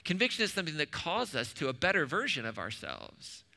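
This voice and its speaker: Bright-voiced man preaching in a hall. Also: fairly high pitch, sing-song, fairly quick. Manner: conversational, frequent "right?" asides, humorous. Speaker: pastor. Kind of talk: sermon. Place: church sanctuary. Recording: reverberant church hall.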